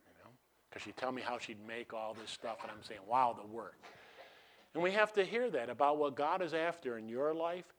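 A middle-aged male pastor preaches a sermon in a very animated, medium-pitched voice at normal speed. He poses questions for the congregation to answer in call-and-response fashion, swinging between loud emphatic bursts and quiet asides.

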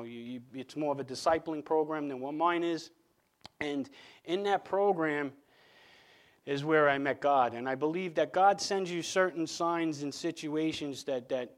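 A man tells his own faith testimony in an earnest, halting way. His voice sits a little high for a man, and he often restarts and repeats words as he goes. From Long Island, New York. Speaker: speaker giving a testimony.

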